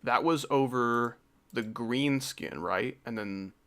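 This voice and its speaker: A man's voice: medium pitch, slow pace, fairly bright tone, smooth. Young man rambling casually on a stream. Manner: rambling, joking, drifts into mumbling. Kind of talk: casual live-stream chat.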